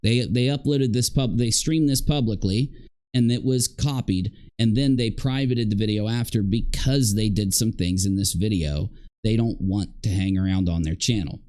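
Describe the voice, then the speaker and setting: A man's voice: on the low side, normal speed, a little mellow. A man commenting on a replayed livestream, scolding the people in it in an indignant way.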